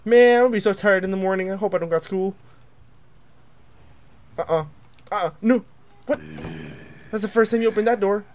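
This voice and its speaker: A young man commentating a horror game as he plays, jumpy and excitable, yelping and taunting the monster. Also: high-pitched, a little fast, long pauses. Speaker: gaming video creator.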